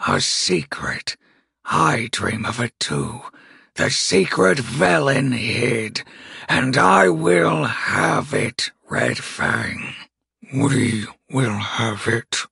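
Tremborag, a gravelly goblin chieftain. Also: male voice, big pitch swings, pushed and bright, dry recording, studio quality, full character voice. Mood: scheming. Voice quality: deep gravelly growl. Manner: slow, heavy, booming orders. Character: huge old male goblin chieftain, menacing, commanding. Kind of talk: audiobook character voice.

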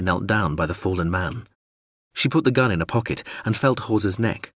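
A man with a fairly low voice narrates an audiobook in a measured, expressive storytelling style. The recording is dry, with clean studio sound.

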